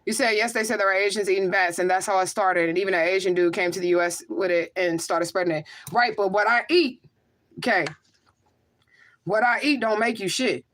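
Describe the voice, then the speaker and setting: A woman's voice: medium pitch, fairly quick, a bit bright. Emphatic woman chatting on a livestream. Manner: emphatic, rhetorical, keeps asking "okay?" and "y'all remember?". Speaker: livestream host and spiritual medium. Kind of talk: casual livestream chat reading viewer comments.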